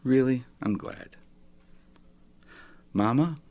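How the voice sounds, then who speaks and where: A man's voice: mid-range voice, very slow, a little mellow. A man reading aloud, voicing a small child who asks worried questions about a lost dog. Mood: worried, curious. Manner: eager, plaintive questions. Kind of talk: reading a poem aloud on radio.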